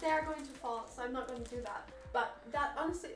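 A woman's voice: high-pitched, fast, reverberant, distant mic. A woman on a date who talks hesitantly, stumbling over her words and giggling. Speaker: date on a stream. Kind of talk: casual chat.

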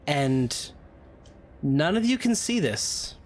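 A man narrating a tabletop game as game master, in descriptive, halting narration with fillers. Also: on the high side, big pitch swings.

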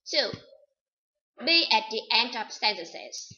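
A woman teaching an English lesson, reading vocabulary items and examples slowly and deliberately. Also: fairly high pitch, big pitch swings, pushed and bright. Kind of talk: recorded vocabulary and pronunciation lesson. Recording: dull lo-fi recording.

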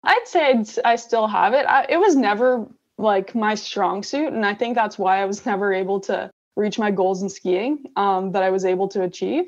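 A young woman from Canada, an athlete answering interview questions in a relaxed, casual way with many fillers. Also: medium pitch, moderate pace, hardly any pauses. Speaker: interview guest, gravel cyclist. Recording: dull lo-fi sound.

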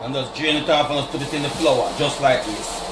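A man's voice: medium pitch, a little fast. Chatty man cooking in a noisy kitchen. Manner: chatty, keeps addressing viewers as "my people". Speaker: cooking vlogger. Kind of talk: casual cooking demonstration. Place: home kitchen.

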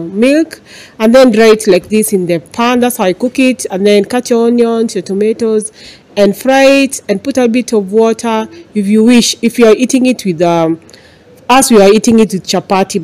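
A woman's voice: fairly high pitch, darkish tone. A young woman with a Kenyan accent, chatting casually to camera as a stay-at-home mom vlogger, addressing her viewers as "guys".

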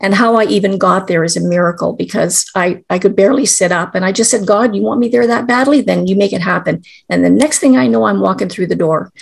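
A woman's voice: medium pitch, gravelly, husky. A middle-aged woman, a guest, telling a personal story in an earnest, emotional way, with restarts.

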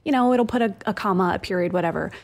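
A woman's voice: mid-range voice, racing. A woman co-hosting a radio show, upbeat, explaining tips step by step. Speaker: co-host. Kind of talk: casual radio show chat.

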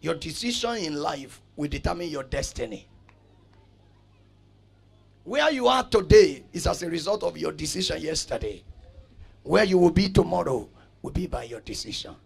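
A man preaching outdoors, telling a story and repeating phrases, going from loud to soft. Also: fairly high pitch, animated, moderate pace, vocal fry, long pauses, breathy edge. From Nigeria. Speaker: pastor. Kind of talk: street sermon with storytelling. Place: outdoors on a street.

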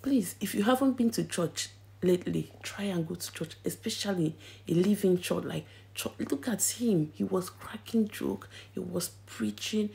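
A young woman with a Nigerian accent chats to her camera while sitting in a church service. Her voice sits low and sounds warm and mellow. She talks with lively excitement and often drops into a whisper. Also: normal speed, gravelly. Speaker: vlogger. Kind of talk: casual vlog chat. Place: inside a church.

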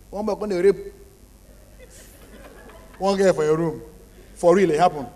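A young Nigerian man performing animated stand-up comedy in pidgin. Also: sits high, a little slow, long pauses. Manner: animated, acts out characters. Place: large hall, live audience. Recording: live hall reverb, faint noise.

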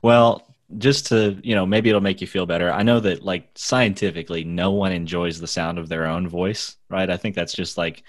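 A man's voice: low-pitched, steady tone, normal speed, hardly any pauses, no echo. A man hosting a podcast in casual chat, joking and playful and laughing often. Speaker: podcast host.

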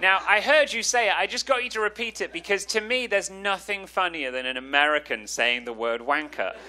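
On a club stage, a young English stand-up comedian does crowd work, teasing the audience and mocking himself before freestyle rapping over music. His voice is high and brisk, with a noisy background.

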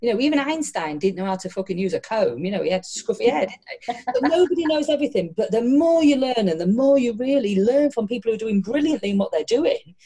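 A middle-aged woman with a Yorkshire accent, a guest in a casual interview, talking frankly, swearing freely and telling animated stories. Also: a little high, fast talker. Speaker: guest entrepreneur.

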